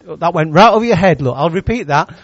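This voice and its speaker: A man's voice: a little high, fairly quick, no room sound, highs cut off. A man preaching a sermon as pastor, teasing and joking with his congregation between points. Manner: lively, teasing preacher who jokes with the congregation.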